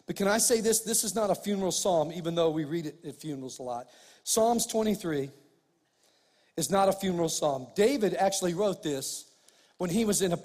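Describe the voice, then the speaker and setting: A middle-aged male pastor preaches a sermon in a large hall, animated and high-voiced. He swings between loud emphasis and quiet asides.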